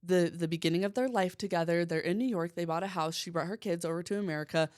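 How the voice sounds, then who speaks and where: A woman hosting a podcast, chatting casually and gushing with quick asides. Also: fairly low pitch, a little mellow, dry recording, studio quality. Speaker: podcast host. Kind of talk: casual chat.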